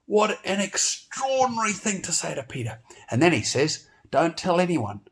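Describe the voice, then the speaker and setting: A man with a somewhat high voice tells a Bible story to children. He is playful and animated and exclaims often as he goes. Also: normal speed. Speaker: children's church teacher.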